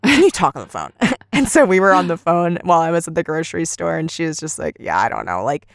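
A woman's voice: lowish voice, quick pace, no room sound, studio quality. A woman co-hosting a podcast, casually retelling an argument and acting out each quoted line. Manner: animated storyteller, acts out quoted lines. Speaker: podcast co-host.

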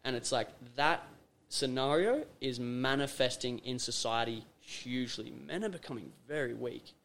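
A man's voice: mid-range voice, moderate pace, gravelly, fairly bright tone, a little hiss or hum. Emphatic Australian man on a podcast. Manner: emphatic, repeats phrases for effect, acts out little scenes. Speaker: podcast host. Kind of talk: casual podcast conversation.

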